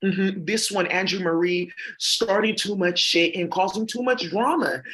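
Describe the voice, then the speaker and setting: Talking straight to camera, a female vlogger delivers an accusing, meandering monologue heavy with fillers. She speaks a little slowly, in a mid-range voice with a fairly bright tone.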